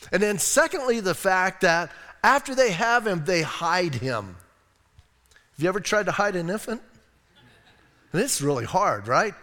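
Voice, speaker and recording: This pastor, an American man with a high-pitched voice, delivers his sermon in a church sanctuary where the sound fills a big room. His storytelling is animated and full of jokes and asides.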